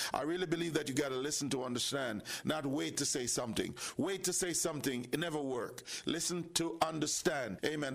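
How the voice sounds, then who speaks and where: A man's voice: on the high side, creaky. A man hosting a faith-based talk show, talking in a preacherly way, repeating phrases and speaking straight to his listeners. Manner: preacherly, repeats phrases, addresses audience directly.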